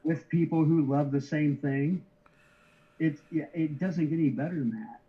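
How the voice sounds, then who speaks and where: A middle-aged man telling his story as an interview guest, casually, with lots of restarts and easy chuckles. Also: fairly high pitch. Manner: halting, many restarts, easygoing chuckles. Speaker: interview guest, card shipper. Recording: slightly dull lo-fi audio.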